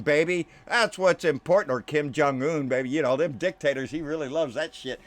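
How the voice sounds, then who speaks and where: Scornful ranting man, slightly high voice. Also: fairly bright tone. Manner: scornful, profane, keeps calling the listener baby; drops to low, muttered asides. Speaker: political commentary channel host. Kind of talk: angry political rant to camera.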